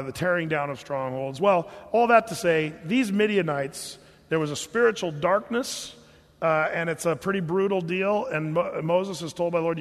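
A man preaching a sermon in a casual, storytelling manner, full of small restarts and filler words. His voice sits a little high for a man. The sound carries the long reverb of a large hall. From California. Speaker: pastor.

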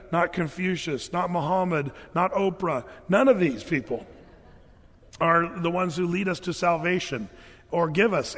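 A high-voiced man preaching in a church, where long hall reverb trails his words. He reads scripture aloud and then talks it through in a relaxed, folksy way, stopping to restart his sentences. He sounds like a pastor chatting with his congregation. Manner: conversational, folksy, with many fillers and restarts. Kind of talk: sermon.

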